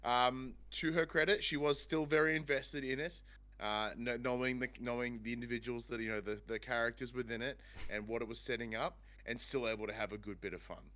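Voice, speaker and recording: A man's voice: mid-range voice, steady tone, a little fast, pushed and bright. A man hosting a casual game review chat, talking in a rambling, enthusiastic way. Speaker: podcast host.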